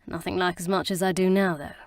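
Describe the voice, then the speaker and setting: A woman voicing a gruff, brooding male romantic hero in an audiobook, speaking low and soft. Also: little pitch movement, a little fast, dry recording, clean studio sound, natural voice. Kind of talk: audiobook character reading.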